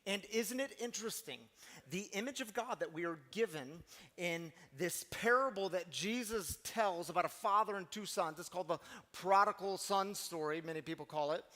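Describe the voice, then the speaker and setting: A man's voice: high-pitched, moderate pace, sharp tone, big-room sound. A man preaching a sermon as pastor, conversational and emphatic, full of rhetorical questions.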